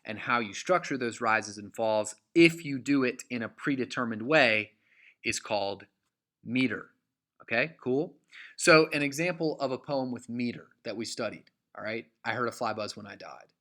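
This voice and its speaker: A man's voice: medium pitch, expressive, normal speed, a bit bright. A man teaching a recorded literature lecture in a casual, conversational way, full of fillers and frequent "okay?" check-ins.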